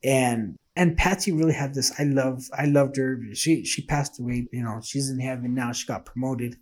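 A man's voice: medium pitch, steady tone, moderate pace, a little mellow. A man telling his faith testimony in a casual, earnest and emotional way, acting out the dialogue he quotes.

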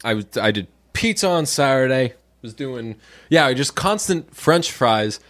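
A young man co-hosting a casual podcast chat, telling stories and quoting people in lively, jumping tones. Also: unhurried. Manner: animated storyteller, jumps pitch to quote people. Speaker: podcast co-host.

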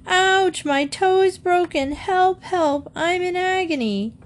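A woman's voice: very high voice, slow pace, voice pushed up. A woman voicing a dramatic nine-year-old boy who shrieks complaints. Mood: shrieking pain.

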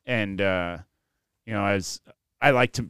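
A man's voice: fairly low pitch, a little slow, fairly bright tone, clear, resonant tone, no room sound. A man co-hosting a casual podcast, telling a childhood story with crude humor and lots of fillers. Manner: laid-back, crude humor, trailing fillers. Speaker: podcast co-host.

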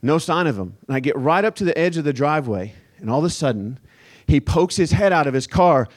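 A male pastor preaching a sermon as a relaxed, conversational personal story. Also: a little high, brisk. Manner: casual, conversational storytelling with fillers.

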